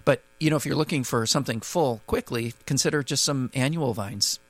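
A man's voice: mid-range voice, brisk, dry recording. A man who is the guest gardening expert on a radio call-in show, answering questions with frequent restarts. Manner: hesitant, many restarts, friendly explaining.

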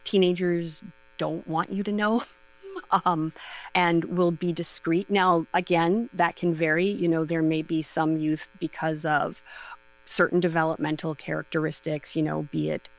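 A woman's voice: low-pitched, flat delivery, unhurried, poor audio. A middle-aged woman, a sexuality educator, chatting casually and giving advice with lots of fillers and light laughs.

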